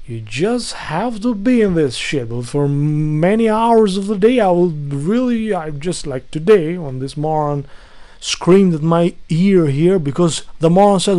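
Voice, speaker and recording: A man's voice: a little high, warm tone. A man speaking English as a second language vents to his audience about a housemate. He sounds fed up, swears freely and keeps restarting his sentences. His talk is loose and unscripted, like a video diary. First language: not English. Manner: exasperated ranting, swears often, restarts a lot. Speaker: vlogger. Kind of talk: casual rant to camera.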